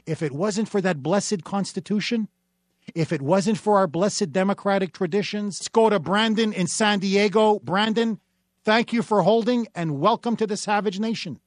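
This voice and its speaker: A man's voice: high-pitched, normal speed, no room sound. A man hosting a talk radio show, ranting in an emphatic, indignant way at a studio microphone.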